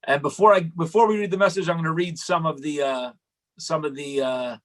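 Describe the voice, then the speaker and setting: A man's voice: fairly high pitch, a little fast, fairly bright tone. A man teaching a Torah class in a conversational storytelling way, repeating phrases for emphasis.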